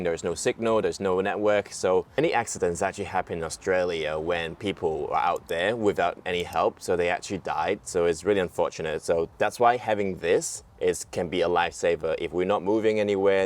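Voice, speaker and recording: A young man casually explaining his packing and travel plans in a vlog, relaxed and a little teasing. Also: sits low. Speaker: vlogger.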